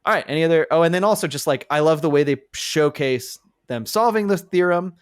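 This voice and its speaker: An enthusiastic man co-hosting a casual podcast, breaking into laughter as he retells scenes. His voice is smooth and resonant. The recording is dry and close, with no room sound. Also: on the high side, expressive, brisk, no echo. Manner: enthusiastic, laughs often, quotes lines from the show. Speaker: podcast co-host. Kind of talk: casual chat.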